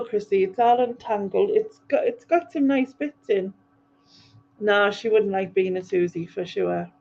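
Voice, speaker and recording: Her mid-range voice is dark-toned and full of vocal fry as she casually chats her way through viewer comments on a livestream, peppering it with ums and laughs. The audio is dull, lo-fi livestream quality.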